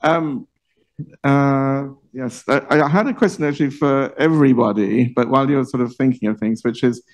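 Book launch panel moderator, male, mid-pitched, chatty, laughs a lot. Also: moderate pace, low-quality recording. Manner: chatty, laughs often, restarts sentences. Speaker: event host. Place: library event room.

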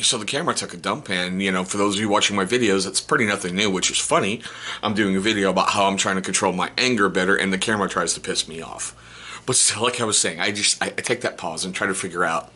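A man's voice: sits low, pushed and bright, husky. A man in his forties talking candidly to camera in a casual vlog, joking between points and asking rhetorical questions. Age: 40s. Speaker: vlogger. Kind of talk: casual self-help talk to camera.

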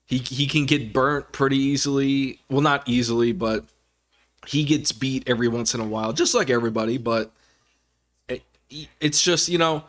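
A man's voice: medium pitch, a bit bright. A man talking casually about his football team in a vlog, rambling with many fillers and restarts. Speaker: sports fan vlogger. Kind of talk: casual sports commentary vlog.

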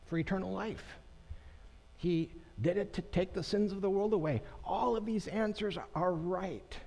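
A pastor giving a sermon to his congregation in a conversational, unhurried way, pausing and making asides to the people in the pews. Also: high-pitched, a little mellow. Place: church sanctuary. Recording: long church reverb.

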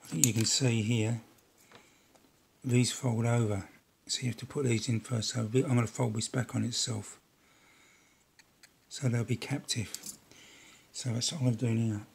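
A husky-voiced older man talks through a model build at his workbench in a rambling, chatty way. He pokes fun at himself as he goes. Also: mid-range voice, fairly even intonation, normal speed, long pauses. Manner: rambling, chatty, self-deprecating. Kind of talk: casual build vlog narration.

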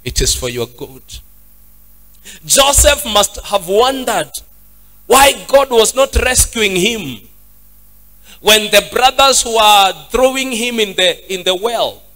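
A man's voice: high voice, lively intonation, takes it slowly, pauses often, pushed and bright. A man preaching a sermon as pastor, repeating phrases and lifting into a sung preaching cadence.

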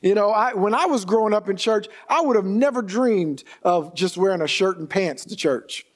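Casting: middle-aged male pastor, high voice, loose chatty sermon delivery. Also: lively intonation, normal speed. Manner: conversational preaching with repeated restarts.

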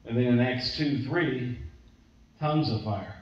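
A man's voice: medium pitch, a little slow. A man teaches a sermon as a story, acting out what the people in it say. He is recorded from a distance in a very echoey church hall. The sound is dull, with faint room noise behind him. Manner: conversational storytelling, acts out quotes. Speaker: preacher.

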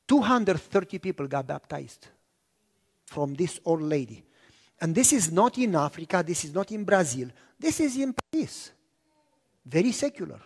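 A man preaching a sermon, telling stories and acting out the dialogue, clearing his throat often. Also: a little high, darkish tone. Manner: anecdotal, acts out dialogue, frequent throat clearing. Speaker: pastor. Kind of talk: storytelling sermon. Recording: long reverb of a large hall.

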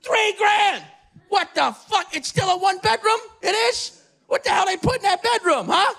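A man voicing a loud, outraged old-school New retiree, ranting in disbelief. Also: very high-pitched, lively intonation, moderate pace, vocal fry, voice pushed up, heavily acted. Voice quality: shouting, incredulous ranting.

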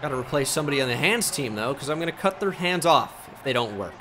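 A man's voice: medium pitch, lively intonation, fast, noisy background. A young man commentating his own video game as a gaming YouTuber, switching between mock play-by-play and frustrated outbursts.

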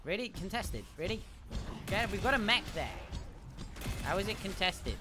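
A man giving excitable, chatty commentary as he livestreams a game, muttering sing-song to himself. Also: high-pitched, normal speed, over music. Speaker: gaming livestreamer. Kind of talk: live gameplay commentary. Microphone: desk mic, no headset. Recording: game sound clearly behind the voice.

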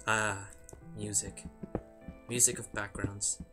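Music plays behind a young man giving casual commentary on his game as he chants repeated words under his breath. He speaks slowly in a low-leaning voice with a flat delivery.

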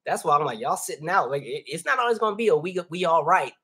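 A man's voice: fairly high pitch, sing-song, fast, pushed and bright, husky. A man hosting a livestream, talking casually with his viewers and calling them y'all. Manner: conversational, addresses viewers as y'all. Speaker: livestream host reading chat. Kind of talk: casual chat.

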